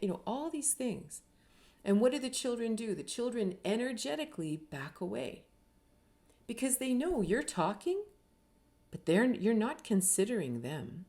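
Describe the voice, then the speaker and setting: A middle-aged woman speaking as a spiritual teacher in a reflective talk. Her voice is mellow and warm at an ordinary pitch. She talks earnestly and keeps posing rhetorical questions to her listeners. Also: sing-song, normal speed. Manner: earnest, uses many rhetorical questions and tags with "right?".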